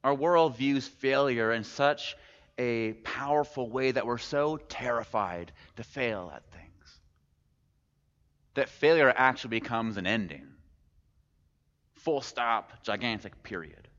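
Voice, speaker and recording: Casual-talking preacher in an echoey hall. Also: male voice, mid-range voice, takes it slowly, a bit bright. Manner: conversational, rhetorical questions, casual humor. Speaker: pastor. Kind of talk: sermon. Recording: echoey hall, muffled sound.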